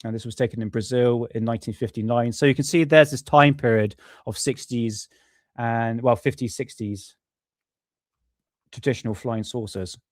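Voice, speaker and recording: A man's voice: mid-range voice, steady tone, normal speed, a little mellow, no echo, studio quality. Chatty man hosting a stream. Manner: chatty, laughs at viewer comments, drifts back to his notes. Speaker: live stream host. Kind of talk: casual live-stream chat.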